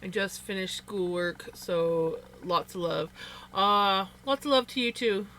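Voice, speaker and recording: A woman's voice: mid-range voice, unhurried, fairly bright tone, slight background noise. A woman with a Canadian accent hosting a livestream, chatting casually with viewers, rambling with frequent restarts and little laughs. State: sleepy. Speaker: livestream host. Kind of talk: casual chat reading viewer comments.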